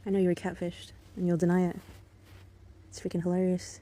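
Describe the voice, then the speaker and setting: A woman's voice: on the low side, completely flat delivery, brisk, warm tone. A woman in an angry, profane monologue aimed at an ex-partner, bitter and contemptuous but controlled. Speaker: vlogger.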